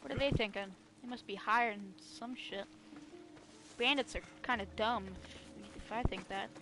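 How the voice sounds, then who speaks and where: Woman livestreaming a game, yells and swears at the characters, kinda high voice, game music under her. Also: moderate pace. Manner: loud, profane, talks back to the game. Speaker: streamer. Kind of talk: live gaming commentary.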